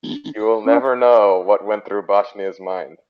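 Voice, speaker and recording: A man with a fairly low voice narrates his character's actions in a tabletop game. His delivery is dry and deliberate. The recording sounds a little dull and lo-fi. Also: steady tone, smooth. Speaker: player.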